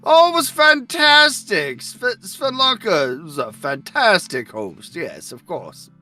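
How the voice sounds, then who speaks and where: A man's voice: high voice, big pitch swings, slow pace, sharp tone, faint music behind, heavily acted. A man playing a boastful old vampire who rambles about inventing things in a tabletop role-play game. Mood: grandiose. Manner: pompous, rambling, old-fashioned phrasing.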